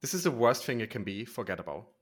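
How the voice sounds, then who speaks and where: A man co-hosting a podcast in casual chat, animated and emphatic, full of "like". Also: lowish voice, fast talker. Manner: animated, emphatic, heavy use of "like". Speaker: podcast co-host.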